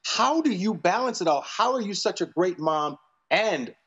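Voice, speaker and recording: A man's voice: high-pitched, lively intonation, moderate pace, a bit bright, husky, muffled recording. Playful man guest on a talk show. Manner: playful, joking. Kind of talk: casual interview chat. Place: TV studio with live audience.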